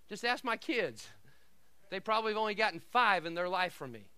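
A middle-aged man preaching a sermon, swinging from quiet asides and laughter to shouted declarations. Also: sits high, animated, fast talker, dry recording. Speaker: pastor.

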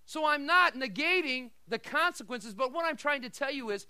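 A middle-aged man preaching a sermon as pastor, telling stories with animated swings between shouted lines and quiet asides. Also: very high voice, moderate pace, few pauses, no room sound.

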